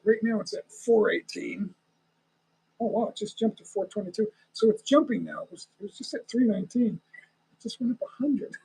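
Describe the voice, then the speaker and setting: Gravelly, husky man streaming live. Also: high voice, darkish tone, poor audio. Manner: rambling, talks to viewers, chuckles often. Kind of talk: casual live-stream chat.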